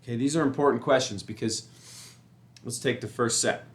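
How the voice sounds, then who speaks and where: A man talking in a casual, rambling way about staying calm, repeating himself and getting animated when he describes panicking. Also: medium pitch, brisk. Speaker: motivational speaker. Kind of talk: casual spoken reflection.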